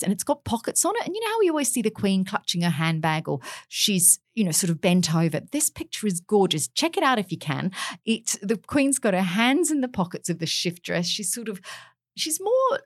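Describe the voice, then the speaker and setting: A woman chats eagerly about royal stories as a radio commentator. Her voice sits low for a woman, with a dry, close sound. She talks in an animated, storytelling way. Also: dry recording. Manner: enthusiastic, chatty storyteller with frequent laughs. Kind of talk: radio chat segment.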